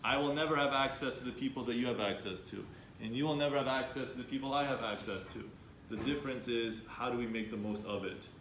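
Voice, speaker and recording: A man leads a lively student workshop, quizzing and encouraging the room. His voice sits in a middle register and bounces around a reverberant hall. A faint hum of the room lingers behind him. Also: medium pitch, fast talker. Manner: upbeat, coaxing audience with questions. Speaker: workshop speaker. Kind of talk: interactive workshop talk. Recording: echoey room, faint background noise.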